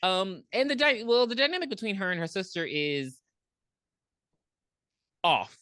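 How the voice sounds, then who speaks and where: A woman co-hosting a podcast, recapping a movie in blunt, profane, animated casual chat. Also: mid-range voice, unhurried, dry recording, clean studio sound. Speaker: podcast co-host.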